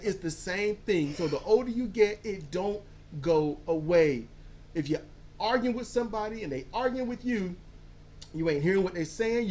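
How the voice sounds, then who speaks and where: A podcast co-host in a casual movie-review chat, telling stories in an animated way and acting out quotes. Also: mid-range voice, a little hiss or hum. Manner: animated storyteller, acts out quotes; casual, swears freely.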